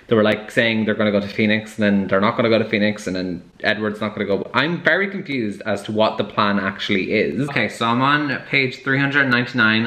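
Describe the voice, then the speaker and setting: A man's voice: lowish voice, pushed and bright, roomy sound. A man casually chatting through a book-reading vlog in a sarcastic way, laughing often. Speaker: book vlogger.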